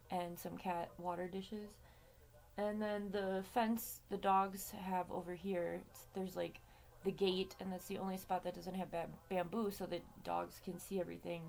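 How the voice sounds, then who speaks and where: A woman's voice: medium pitch, vocal fry, a little mellow. Woman vlogger, casual rambling story, salty language, mid-range voice. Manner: chatty, swears freely, many fillers. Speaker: vlog host.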